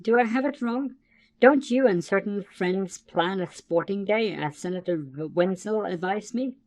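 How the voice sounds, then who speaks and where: A man's voice: high voice, measured pace, a little mellow, no room sound, voice pushed up. A man voicing a small, polite male alien visitor who speaks in a stiff, overly formal way.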